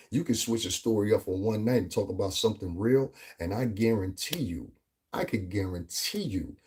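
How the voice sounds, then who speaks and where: Low husky-voiced man ranting on his vlog. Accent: New York area. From US Northeast tri-state area. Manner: rambling, emphatic, frequent "you know what I'm saying". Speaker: vlogger. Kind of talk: casual commentary vlog.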